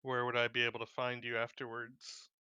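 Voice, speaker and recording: A man's voice: mid-range voice, monotone, a little fast, pushed and bright, smooth, dry recording, highs cut off. Wry man playing his character. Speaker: player. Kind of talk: in-character role-play.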